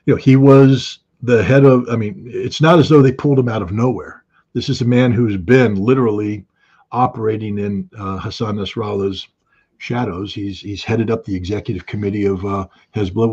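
A man's voice: on the low side, steady tone, moderate pace, darkish tone, breathy edge, lo-fi sound. A man giving conversational analytical commentary in an interview, with frequent ums and restarts.

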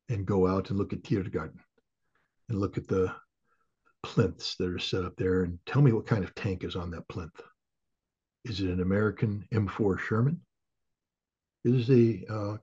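Impassioned man in his sixties, lo-fi. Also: slightly rough. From grew up in Germany. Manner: impassioned and angry, swinging from low and muttered to loud and emphatic. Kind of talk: political commentary rant. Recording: dull lo-fi recording.

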